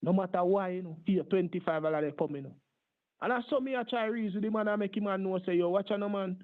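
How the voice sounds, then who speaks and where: A man's voice: high-pitched, fast, lightly acted. A man doing a rambling Jamaican hustler. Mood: insistent. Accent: Jamaican patois, put on. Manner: rambling, long-winded, repeats "my father" and "brother". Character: adult male Jamaican street hustler, boastful. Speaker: scambaiter. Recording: tinny phone-line audio.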